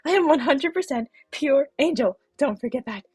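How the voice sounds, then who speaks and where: A woman's voice: high voice, lively intonation, normal speed, a little mellow, no room sound, voice pushed up. Forcus, a woman reading a cocky angel. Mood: wheedling. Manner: boastful, teasing, breezy. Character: cocky male guardian angel, old-man energy. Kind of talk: reading game dialogue aloud.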